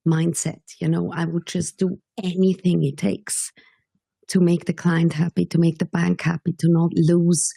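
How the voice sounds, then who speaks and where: Low gravelly woman, slow and hushed. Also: little pitch movement, no echo. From Switzerland. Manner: slow, measured, sometimes dropping to a whisper. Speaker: guest. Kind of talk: podcast interview storytelling.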